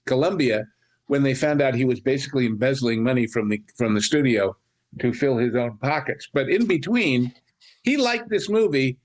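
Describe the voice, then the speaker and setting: A man's voice: mid-range voice, moderate pace. A man co-hosting a podcast, chatting casually about films in long, rambling anecdotes full of asides. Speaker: podcast co-host. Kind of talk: casual film discussion.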